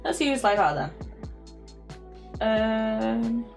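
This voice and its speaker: On a game stream, a young British woman talks in a high-leaning, expressive, creaky voice at a slow pace. The casual chat rambles, with frequent stumbles and giggles, and faint lofi music sits in the background.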